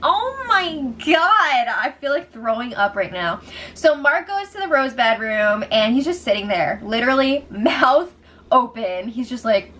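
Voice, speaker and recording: A woman's voice: a little high, very animated, measured pace, a bit bright. Sarcastic young woman recapping gossip. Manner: sarcastic, laughs often, quotes people in mocking voices. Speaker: show recap host. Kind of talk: casual recap.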